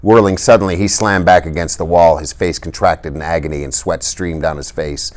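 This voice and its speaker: A man reading a novel aloud for a class in steady, subdued narration. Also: low voice, fairly quick. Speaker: reader.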